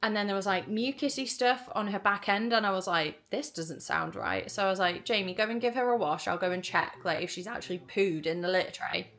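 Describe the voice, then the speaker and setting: A woman's voice: mid-range voice, quick pace, hardly any pauses. A woman telling a story to camera in a chatty vlog, full of "like" and acted-out dialogue. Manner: chatty, animated, lots of "like" and quoted dialogue. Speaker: vlogger.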